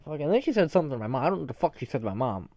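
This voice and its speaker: A man's voice: on the high side, sing-song, racing, a little mellow, no room sound. A young man ranting casually and profanely as a podcast co-host, rambling from story to story, on a dull lo-fi recording. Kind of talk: casual rant.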